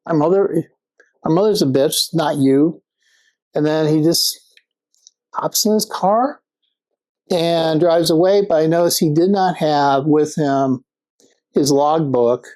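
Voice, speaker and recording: A woman's voice: sits low, darkish tone. A woman casually recapping and reviewing a TV episode, rambling and speculating, with fillers and restarts. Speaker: TV show reviewer.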